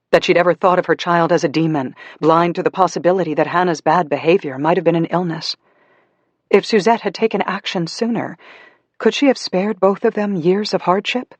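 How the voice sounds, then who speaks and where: A woman narrates a novel as an audiobook, her voice sitting low, reading in a measured, even storytelling manner. There is no echo.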